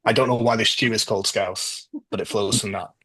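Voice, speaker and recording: A man from northwest England hosting a trivia quiz over a video call, going through the answers casually with frequent ums and pauses. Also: lowish voice, steady tone, a bit bright, breathy edge, dry recording, low-quality recording. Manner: hesitant, lots of ums. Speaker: quiz host.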